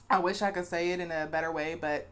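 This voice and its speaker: A woman's voice: fairly low pitch, a little hiss or hum. A young adult woman vlogging to her viewers, speaking frankly and bluntly and calling them y'all, with a cough now and then. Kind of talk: direct-to-camera vlog, candid opinion talk.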